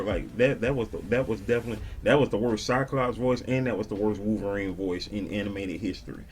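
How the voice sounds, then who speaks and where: A laid-back man talks casually in a slangy style, shouting out viewers as he reads their comments. His voice sits on the low side. Faint music plays quietly underneath. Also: fairly quick. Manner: slangy and laid-back, peppered with "you dig". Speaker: vlogger reading viewer comments. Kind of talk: casual chat.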